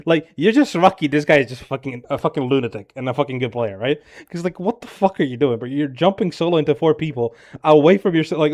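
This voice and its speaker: Male game coach, slightly high voice, exasperated and blunt, swears constantly during the gameplay breakdown. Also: a little mellow. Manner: blunt, profane, exasperated critique; filler-heavy rapid talk with frequent "bro" and "right?". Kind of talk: casual gameplay review coaching.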